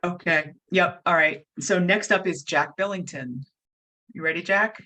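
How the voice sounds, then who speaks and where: Woman, low pitch, bright tone, brisk friendly meeting host, video call. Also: poor audio. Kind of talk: hosting an online meeting.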